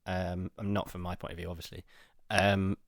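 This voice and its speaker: A man co-hosting a podcast, stubborn and deadpan in casual chat, often laughing. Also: low voice, moderate pace, no room sound, studio quality. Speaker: podcast co-host.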